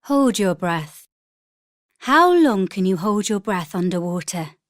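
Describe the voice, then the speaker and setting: A woman reading vocabulary words and example sentences for a textbook in a clear, deliberate manner. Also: mid-range voice, big pitch swings, no echo, clean studio sound. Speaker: textbook audio reader.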